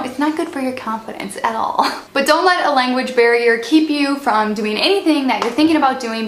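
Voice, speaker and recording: A woman's voice: on the high side, a bit bright. A woman talking casually to her viewers in a vlog, chatty, with frequent laughs, calling them "you guys.". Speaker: vlogger. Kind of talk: casual vlog talk to camera. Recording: echoey room.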